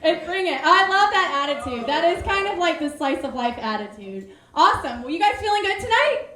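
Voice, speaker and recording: Woman, high bright register, excitable stand-up host; club room echo. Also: fairly quick, crowd noise. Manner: bubbly, excitable, self-mocking. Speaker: comedy show host. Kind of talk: live stand-up comedy. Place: comedy club stage.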